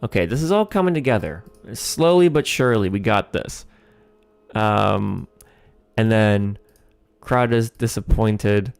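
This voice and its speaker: A man's voice: on the low side, a little slow, vocal fry, clean tone, dry recording. A man hosting a livestream, thinking aloud while writing a comedy sketch, hesitant with many ums and chuckling as he reads lines aloud.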